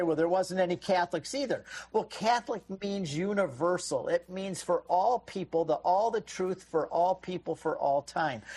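A man's voice: on the high side, vocal fry, darkish tone, breathy edge. A man answering callers' questions on a call-in radio show, explaining in a teacherly way. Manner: explanatory, teacherly, laughs often. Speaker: radio show guest expert.

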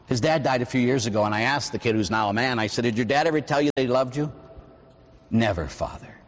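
A Catholic priest in his forties from Pittsburgh, USA, gives a conversational sermon in a church with a big-room sound. His voice is mid-range, and he tells stories, tosses in frequent "huh?" asides and acts out the voices he quotes.

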